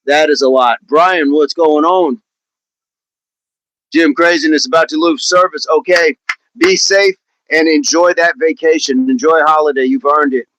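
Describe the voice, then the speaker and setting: A man's voice: on the high side, steady tone, normal speed, fairly bright tone, no echo, poor audio. A man hosting a live workout stream, chatting upbeat with viewers and counting reps aloud. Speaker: fitness coach hosting a livestream.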